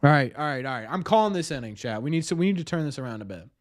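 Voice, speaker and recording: Excitable young man chatting to his stream. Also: fairly high pitch, very fast. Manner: excitable, self-mocking banter with chat. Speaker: livestream host. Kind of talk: casual live watch-party chat.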